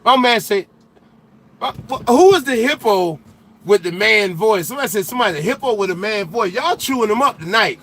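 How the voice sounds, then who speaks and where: A young man hosts a trucking livestream, trading banter with his viewers in heavy slang. His voice sits a little on the high side, and he gets loud and animated when he teases the chatters. Between the jokes he talks plainly and casually about life on the road. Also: brisk. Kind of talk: casual livestream chat, reading viewer comments.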